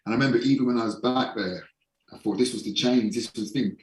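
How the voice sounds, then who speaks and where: A man in a casual podcast interview, a holistic performance coach who speaks frankly and swears casually, slowing down for emphasis. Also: mid-range voice, distant mic. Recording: echoey room, voice somewhat off-mic.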